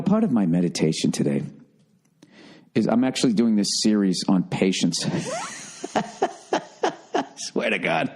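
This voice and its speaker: A man hosting a solo comedy podcast, ranting profanely and swinging from shouted outbursts to low grumbling. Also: husky. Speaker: podcast host.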